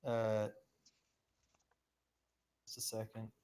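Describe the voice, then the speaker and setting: A man's voice: on the low side, monotone, very slow, a little mellow, slight background noise. A man playing a tabletop game, asking short, hesitant questions with fillers. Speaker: player. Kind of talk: casual table talk.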